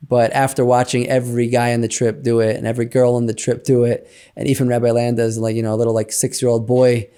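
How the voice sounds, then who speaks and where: A man in an interview, telling a personal story in a chatty, animated way with many fillers like "you know". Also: mid-range voice, fast, clear, resonant tone. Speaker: interview guest.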